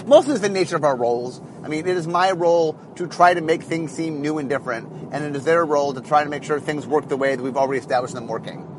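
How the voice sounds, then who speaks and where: A man's voice: a little high, fast talker, hardly any pauses, background noise. A man, a head designer, talking in a rambling casual monologue with many fillers and restarts, recorded in a car.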